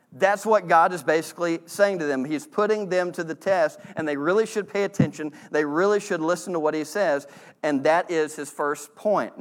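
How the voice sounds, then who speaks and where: A man's voice: a little high, a bit bright. A man preaching a folksy, humorous sermon. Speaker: pastor.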